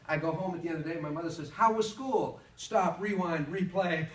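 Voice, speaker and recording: A man tells funny stories in a motivational talk and slips into different voices as he goes. His voice sits a little high. He is recorded from far off in an echoey hall, with clear noise in the background. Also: rapid-fire. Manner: animated storytelling, acts out voices. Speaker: public speaker.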